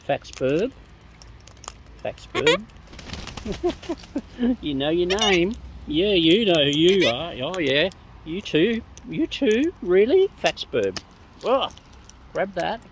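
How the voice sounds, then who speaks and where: Australian woman vlogger, playful bird-feeding chatter outdoors; lowish, swooping delivery, unhurried, noisy outdoor recording. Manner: affectionate, playful coaxing of birds. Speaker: vlogger feeding wild birds. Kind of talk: casual chat to birds. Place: outdoors among feeding birds.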